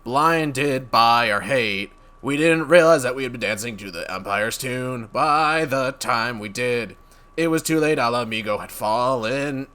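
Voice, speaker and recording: A man voicing a weary older male elder, speaking in a grave, measured, old-fashioned way. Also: on the low side, sharp tone. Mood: solemn. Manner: grave, measured, archaic speech.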